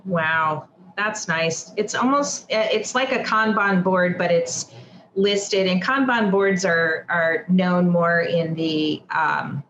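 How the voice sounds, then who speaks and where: A woman's voice: fairly low pitch, slow, fairly bright tone, slight background noise, low-quality recording. A woman interviewing a shop owner, chiming in with encouraging affirmations and follow-up questions. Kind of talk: casual interview.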